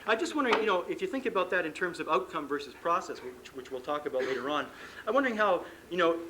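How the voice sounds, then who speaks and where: A man's voice: fairly high pitch, lively intonation, quick pace, background noise. A man giving a live seminar to coaches on sports psychology, talking conversationally, acting out exchanges between coach and athlete, and joking about himself. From Canada. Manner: conversational, acts out coach and athlete dialogue, self-deprecating humor. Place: conference room before an audience.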